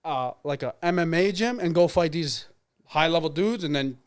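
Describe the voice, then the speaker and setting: A man's voice: on the high side, lively intonation, moderate pace, clean tone. A man in his twenties, an MMA fighter, telling stories in casual chat, rambling with many fillers and acting out quoted dialogue. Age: 20s. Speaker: interview guest, MMA fighter. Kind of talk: casual storytelling.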